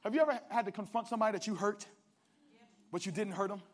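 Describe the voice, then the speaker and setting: A man preaching a sermon, calling out to the congregation and swinging from hushed asides to shouted climaxes. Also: high-pitched, fast talker. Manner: calls out to the congregation.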